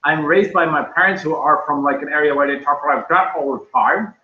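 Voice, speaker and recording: A Dutch man, native Dutch speaker, hosting a casual livestream in English and talking loudly and animatedly. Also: a little high, fairly quick. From Netherlands. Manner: loud, animated storytelling. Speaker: livestream host. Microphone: computer microphone. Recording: echoey room, dull lo-fi sound.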